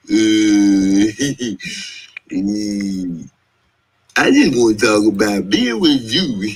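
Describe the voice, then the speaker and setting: Brief: dim, giggly college hooper, slow-talking, very animated pitch. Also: male voice, a little hiss or hum, poor audio. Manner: giggles between phrases, slow loose drawl. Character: goofy giggling young male college basketball player. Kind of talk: TV drama scene.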